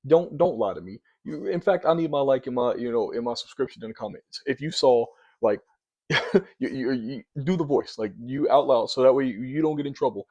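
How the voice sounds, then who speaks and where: Male commentator, casual reaction talk, pushy and argumentative, warm low timbre. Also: a little fast. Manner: animated, argumentative, repeats words when pressing a point.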